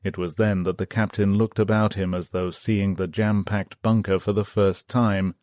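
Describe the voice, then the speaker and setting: Low-voiced man reading an audiobook. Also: little pitch movement, normal speed, darkish tone, no echo, clean studio sound. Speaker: audiobook narrator. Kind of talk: audiobook narration.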